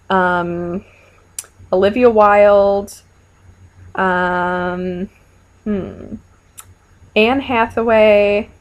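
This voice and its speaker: A young woman chatting to her camera as she answers viewer questions, frank and playful. Her talk is loose and full of fillers, and she speaks at an ordinary, mid-range pitch. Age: young adult. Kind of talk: casual chat.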